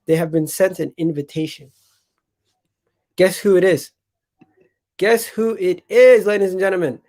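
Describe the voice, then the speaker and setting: A man hosting a live football stream, talking to his chat in an animated, emphatic way and often repeating himself. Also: sits high, unhurried. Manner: chatty, addresses chat directly. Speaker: football channel host.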